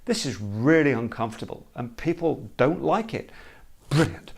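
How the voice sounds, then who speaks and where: A man explaining a creative problem-solving method in an emphatic, animated teaching talk. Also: medium pitch, moderate pace. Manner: emphatic, animated, acts out hesitant problem owners.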